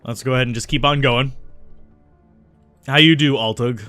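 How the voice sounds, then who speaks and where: Guy doing laid-back game commentary, bright crisp voice, dry close sound, lots of ums. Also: mid-range voice, steady tone, normal speed, no room sound, soft background music. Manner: musing, reads game text aloud, frequent ums. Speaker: let's play host. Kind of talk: casual gameplay commentary.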